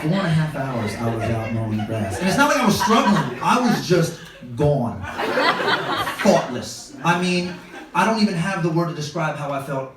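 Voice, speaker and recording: A man with a high-pitched voice tells an animated stand-up story, jumping into quoted voices as he goes. He sounds far from the microphone in a very echoey club, with audience noise clearly heard behind him. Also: moderate pace. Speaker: stand-up comedian. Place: comedy club stage. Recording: distant mic, roomy echo, audience noise. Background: audience laughter.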